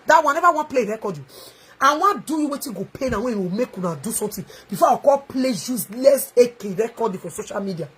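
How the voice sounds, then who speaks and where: A woman with a Nigerian Pidgin English accent, ranting angrily in a video, taunting and mocking with shouts and a sing-song edge. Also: on the high side, animated, fast, slightly rough. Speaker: online video ranter. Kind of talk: angry livestream rant.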